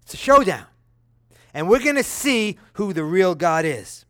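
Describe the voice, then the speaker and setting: High-voiced preacher with dry sound. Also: male voice, unhurried, no echo. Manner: conversational asides, checks in with listeners; dramatic, lively reading of quoted speech. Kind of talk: sermon, reading and explaining scripture.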